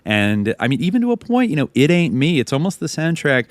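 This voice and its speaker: A man's voice: on the high side, a little fast, dry recording. A man co-hosting a podcast, telling a story casually with lots of swearing and acted-out quotes. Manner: profane, animated, acts out quoted people. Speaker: podcast co-host.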